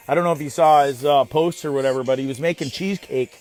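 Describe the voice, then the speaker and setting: A man hosting a casual live stream, rambling excitedly and greeting viewers by name. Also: a little high, fast, soft background music. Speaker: host of a live online show.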